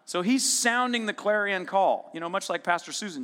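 A man preaching a sermon, retelling a story in a casual, lively way and voicing its characters with sudden bursts of intensity. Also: high-pitched. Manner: storytelling with casual asides and quick dramatic voicing. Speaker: pastor. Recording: long reverb of a large hall.

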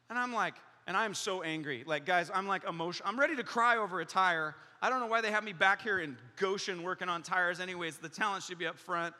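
A male pastor delivers a sermon in a big hall, his sound trailing off into a long reverb. His voice is high and sharply bright, and he tells stories with animation, acting out other people's lines and laughing along the way. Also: quick pace, few pauses. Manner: animated storytelling, acts out voices, laughs often. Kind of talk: sermon with personal story.

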